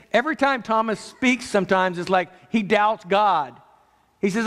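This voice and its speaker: A man preaching a sermon as pastor, earnest, moving between raised and hushed delivery. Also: high-pitched, lively intonation, moderate pace. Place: church sanctuary. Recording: long church reverb.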